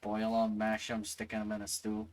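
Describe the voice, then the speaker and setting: A man's voice: on the low side, monotone, normal speed, poor audio. A man streaming a game, playful and rambling as he comments, with a sore throat. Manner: playful, rambling, reads game text aloud. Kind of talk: casual gameplay commentary.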